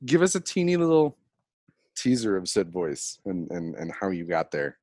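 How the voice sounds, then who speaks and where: Casting: man as an easygoing podcast host, lively and laughing, dry close sound. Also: low voice, normal speed, dry recording. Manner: chatty, animated, laughs often. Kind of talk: casual chat about role-playing.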